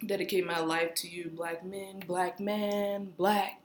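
A woman's voice: lowish voice, little pitch movement, takes it slowly. A woman co-hosting a casual podcast chat, giggly and mock-emotional as she jokes with her friend. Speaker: co-host. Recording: echoey room with faint noise.

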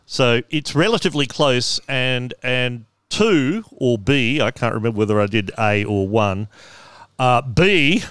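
A man hosts a comedy podcast with a smooth, clear voice. His sound is close and dry with no room around it, and his chat is playful, teasing and quick to mock himself. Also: mid-range voice, animated, fairly bright tone, dry recording. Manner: playful, self-mocking, teasing. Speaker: podcast host.

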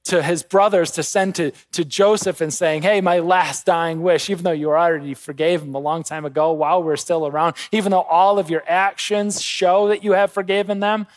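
A man preaching a sermon, swinging between quiet intensity and raised urgency. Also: sits high, steady tone, moderate pace, hardly any pauses, no echo. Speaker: pastor.

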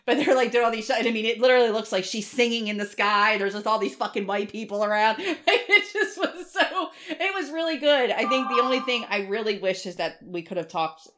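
A middle-aged woman co-hosting a podcast, telling an animated story in casual chat, swearing freely and acting out other people's voices. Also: on the high side, a little fast, hardly any pauses. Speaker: podcast co-host.

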